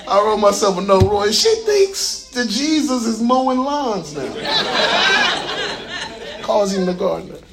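A male pastor preaching a sermon in a fervent call-and-response style, often shouting and coaxing the congregation with folksy asides. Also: high-pitched, very animated, slow, pauses often, over a noisy crowd, heavy background noise. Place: church sanctuary with congregation.

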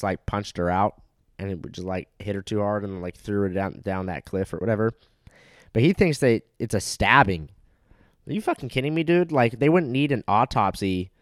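A young man talks alone into the mic in a loose, rambling way, swearing constantly and leaning on "like" at every turn. His voice sits on the low side. The sound is close and dry, with no room around it. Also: dry recording. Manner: crude, rambling, heavy swearing and constant "like" fillers. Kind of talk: casual solo monologue.

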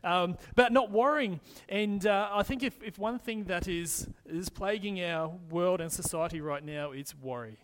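Guy preaching casually, pretty high voice, restarts his sentences a lot. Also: measured pace, hardly any pauses, a bit bright. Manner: casual, restarting phrases, explaining scripture. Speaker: pastor. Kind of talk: conversational sermon.

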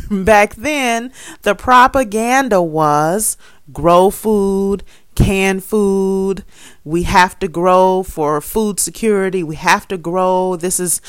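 A woman's voice: fairly low pitch, clean tone, no room sound. A woman hosting a gardening show, talking earnestly in a casual monologue, laughing often and repeating her points for emphasis. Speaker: gardening podcast host. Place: Chicago area.

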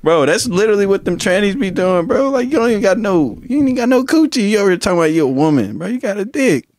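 A man's voice: high-pitched, very animated, fast, a little mellow, no room sound. Blunt, brash man on a podcast. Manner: blunt, brash, emphatic slang-heavy talk. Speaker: podcast co-host. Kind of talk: casual podcast chat.

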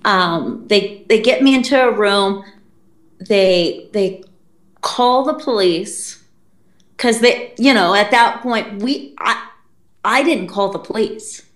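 A woman's voice: mid-range voice, slow pace. A woman, a podcast guest, telling a personal story in a casual, blunt and profane way, with frequent swearing. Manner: blunt and profane, quoting people in lively put-on voices. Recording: roomy echo.

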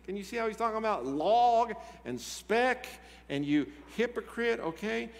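A man's voice: high-pitched, animated, normal speed, vocal fry. A man who is a pastor, preaching a sermon in a conversational way and asking his congregation questions. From Texas. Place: church sanctuary. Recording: church hall reverb.

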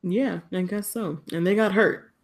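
A woman's voice: medium pitch, measured pace. A woman co-hosting a podcast, chatting casually in a gossipy, slangy way about celebrity news. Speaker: podcast co-host. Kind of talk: casual chat.

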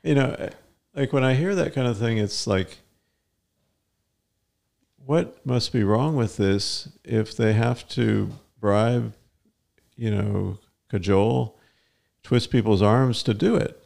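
A man's voice: medium pitch, slow pace, creaky, pauses often, a little mellow. An older man co-hosting a podcast with his daughter, musing in casual chat and cracking dry puns. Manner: musing, dry punning humor. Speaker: co-host, the host's father.

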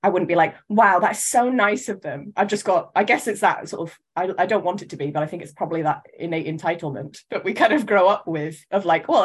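A woman from the UK co-hosting a podcast, talking in a thoughtful, measured way with frequent hedges and restarts. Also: fairly low pitch, slightly rough. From United Kingdom. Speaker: podcast co-host. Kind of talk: casual chat.

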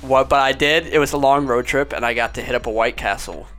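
A man's voice: mid-range voice, fairly quick, a bit bright, faint music behind. A young man from Ohio, a podcast guest, telling stories in a laid-back, casual way and saying "dude" and "man" a lot. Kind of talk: casual chat.

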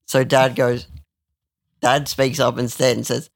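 Young man, crude and rambling storyteller; gravelly, dry close recording. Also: mid-range voice, level tone, measured pace, no echo. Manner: rambling, crude, with lots of restarts. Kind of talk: casual storytelling chat.

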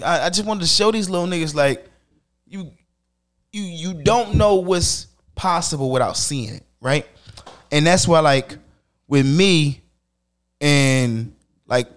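A man telling stories in casual chat, profane and animated. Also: a little high. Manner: animated, profane street slang, acts out quotes.

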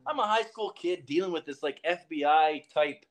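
A young man from southern Alberta, a podcast guest telling a story in casual conversation, animated and acting out what people said. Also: normal speed. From southern Alberta, Canada. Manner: animated, acts out quoted lines with big pitch jumps.

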